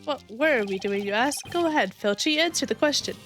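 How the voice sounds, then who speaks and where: A woman's voice: sits high, expressive, a little fast, a bit bright, faint music behind. A woman reading a vain, pompous male dandy from a game in a theatrical, haughty manner. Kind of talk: fan voicing of game dialogue.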